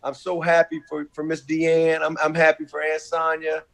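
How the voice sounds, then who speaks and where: A man's voice: fairly high pitch, monotone, normal speed, vocal fry. A middle-aged man, a college football coach speaking over a video call, heartfelt, effusive and repetitive. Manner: warm, effusive, repetitive, folksy.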